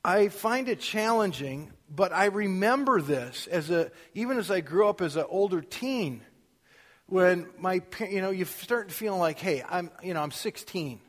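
A middle-aged man preaching a sermon in an everyday conversational way, getting louder and more emphatic when he reads scripture. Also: high voice, animated, measured pace. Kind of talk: casual sermon. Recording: long reverb of a hall.

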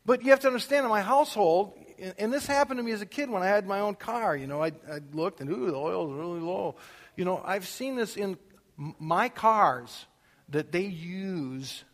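Animated middle-aged man preaching in a reverberant hall. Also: sits high, normal speed. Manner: animated, acts out quotes loudly, self-mocking humor. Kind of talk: storytelling sermon. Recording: long reverb of a large hall.

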